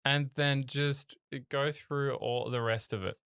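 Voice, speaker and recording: A man's voice: mid-range voice, fairly even intonation, takes it slowly, vocal fry, fairly bright tone, clean tone, dry recording, studio quality. A young man co-hosting a podcast, teasing and quizzing his co-host in casual film chat. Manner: teasing, quizzing, laughs often.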